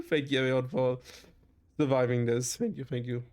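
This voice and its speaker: A man's voice: mid-range voice, huge pitch swings, unhurried, mellow. A man with a German accent streaming a game, enthusiastic and self-deprecating, reading text aloud. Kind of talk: let's-play commentary and reading aloud.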